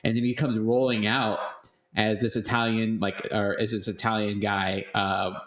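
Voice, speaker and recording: A man's voice: fairly low pitch, level tone, normal speed, a bit bright, reverberant. A man co-hosting a casual film-review chat, rambling and swearing freely as he laughs. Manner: rambling, profane, laughs often. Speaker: podcast co-host.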